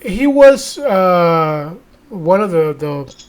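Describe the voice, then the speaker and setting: A man's voice: sits high, very animated, extremely slow. A man whose first language is Spanish, hosting a podcast in English, telling a story in a casual, profane way and often stopping to search for English words. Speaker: podcast host.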